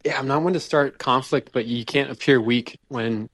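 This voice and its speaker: A man's voice: mid-range voice, normal speed, a bit bright, dry recording. Laid-back male podcast co-host, dry sound. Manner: laid-back, many "like" and "kinda" fillers. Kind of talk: casual chat.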